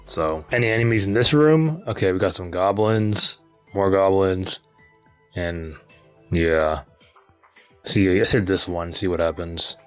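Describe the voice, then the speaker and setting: A man's voice: sits low, measured pace, soft background music. A young man casually commenting on his game as he plays, laid-back and slangy. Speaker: gaming channel host.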